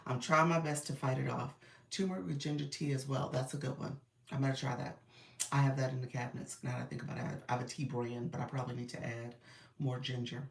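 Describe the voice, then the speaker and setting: A woman business coach hosting a casual livestream. She is under the weather and a bit raspy, and she greets viewers by name in an upbeat, encouraging way. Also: very deep voice, fairly even intonation, fast talker, a little mellow, reverberant, far from the mic.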